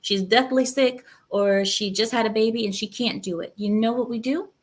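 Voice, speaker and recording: A woman's voice: fairly high pitch, fairly even intonation, normal speed. A woman hosting her channel, giving emphatic, repetitive, lecturing commentary on a clip. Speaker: channel host reacting to clips. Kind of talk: opinionated commentary.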